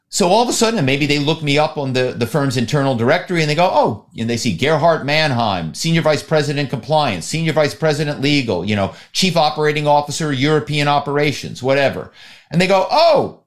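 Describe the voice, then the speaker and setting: Middle-aged male guest, animated storyteller, mid-range voice. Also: mid-range voice. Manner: animated, acts out calls. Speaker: guest, former corporate spy and actor. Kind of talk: storytelling in an interview.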